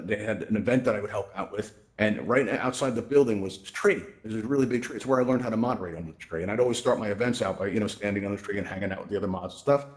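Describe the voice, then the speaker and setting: A man hosts a casual virtual-reality help session, moving quickly from point to point. His voice sits at a middle pitch and he keeps checking in with "right?" and "you know". He speaks into a headset microphone. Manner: chatty, tags lines with "right?" and "you know". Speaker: host presenting a VR tutorial event. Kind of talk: casual spoken presentation.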